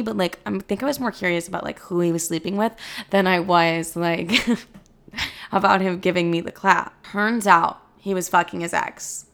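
A young woman telling a personal story in a blunt, profane, animated way, acting out both sides of conversations. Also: lowish voice, moderate pace. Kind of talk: casual storytelling monologue.

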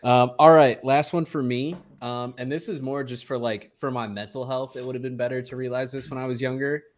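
Brief: male co-host, mid-pitched, open and reflective, loose conversational delivery. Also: little pitch movement, brisk. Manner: candid, rambling reflection. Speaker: podcast co-host. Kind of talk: casual chat.

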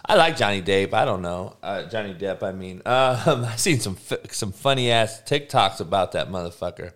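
Animated young man ranting on a stream. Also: on the low side, moderate pace. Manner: loose slangy rants with swearing and laughs. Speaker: livestream host. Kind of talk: profane casual stream talk.

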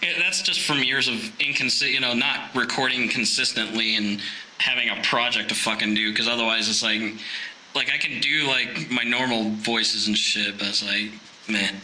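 A man's voice: medium pitch, sharp tone, slight background noise. A man co-hosting a podcast in casual chat, rambling, laughing and swearing, often slipping into put-on voices. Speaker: podcast co-host. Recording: echoey room.

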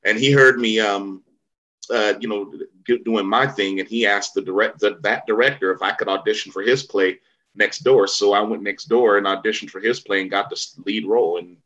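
A man's voice: on the low side, fairly even intonation, moderate pace, a bit bright, lo-fi sound. A man from the Bay Area telling stories in a casual interview, rambling with many fillers and restarts. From Vallejo, Bay Area, California. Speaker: actor, interview guest.

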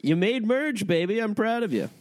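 A man's voice: sits high, animated, moderate pace. A man hosting a podcast in casual comedic chat, laughing often and playing along with disbelief. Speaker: podcast host.

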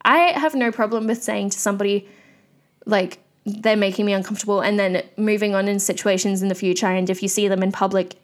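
A woman's voice: mid-range voice, fairly even intonation, fairly quick. A young woman hosting a solo podcast, ranting candidly in a chatty way with lots of fillers. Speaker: podcast host.

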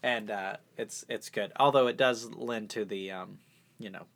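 Male podcast co-host; relaxed, halting talk with many fillers. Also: on the low side, vocal fry. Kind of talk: casual chat recapping a TV episode.

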